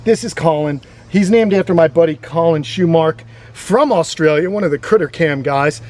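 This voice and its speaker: A man's voice: a little high, normal speed, a little mellow. A man hosting a casual educational vlog outdoors on a grassy lawn, explaining reptiles with chatty enthusiasm. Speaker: reptile sanctuary host.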